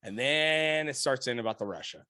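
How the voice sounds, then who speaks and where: A man's voice: medium pitch, moderate pace, no echo. A middle-aged man co-hosting a podcast, telling a story in casual, profane chat and laughing often. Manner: profane, animated storyteller who laughs a lot. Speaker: podcast co-host.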